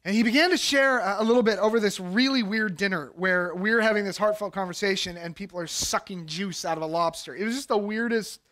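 A middle-aged pastor delivering a sermon with a high, light male voice. He talks like he's chatting with friends, building up to lively, animated storytelling when he recounts anecdotes. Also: fairly quick, few pauses.

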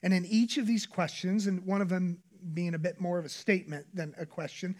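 A man preaching a sermon as pastor, moving between hushed whispered prayer and raised, emphatic preaching. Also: sits high, fairly even intonation, a little fast.

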